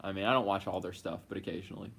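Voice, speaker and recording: A man co-hosting a casual live Q&A, playfully reluctant, with quick asides. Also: low-pitched, steady tone, gravelly, a bit bright, husky. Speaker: co-host of a couple's live Q&A. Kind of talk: casual live-stream chat.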